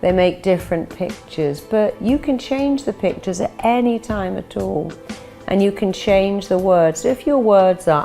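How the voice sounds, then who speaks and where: A middle-aged woman giving a motivational talk. She acts out people's inner voices, bright and upbeat for the confident ones and low and gloomy for the negative ones. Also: measured pace, gravelly. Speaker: motivational speaker. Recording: soft music behind.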